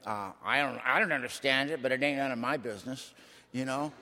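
Older man, folksy colloquial testimony, emotional swells, mid pitch, echoey hall. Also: fairly quick, pushed and bright. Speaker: recovery meeting speaker. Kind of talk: personal testimony talk.

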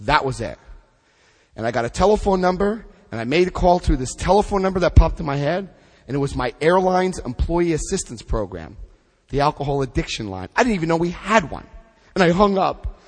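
Middle-aged guy sharing his story, lively swoopy voice, kinda high, echo of a hall around him. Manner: animated storytelling, dramatic pauses. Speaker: recovery speaker. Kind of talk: personal testimony talk. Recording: hall reverb.

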